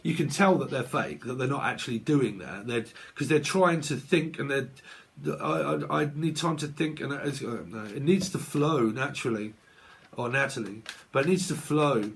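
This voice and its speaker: A man's voice: medium pitch, expressive, moderate pace, slightly rough. A man talking as a tarot reader in a blunt, sweary casual vlog rant, laughing often.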